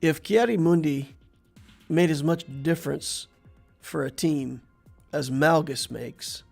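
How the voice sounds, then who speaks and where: Gravelly-voiced man commentating a game. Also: fairly high pitch, slow, soft background music. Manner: thinks aloud while playing, relaxed and chatty, talks to the viewer. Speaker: game channel host. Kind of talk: casual gameplay commentary.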